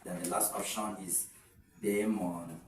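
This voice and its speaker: A man's voice: medium pitch, moderate pace, distant mic. Male tutor, walks students through stress rules step by step, recorded in an echoey room a bit away from the mic. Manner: explains step by step, counting syllables aloud, frequent fillers and restarts. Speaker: English tutor. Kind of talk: exam-prep lesson.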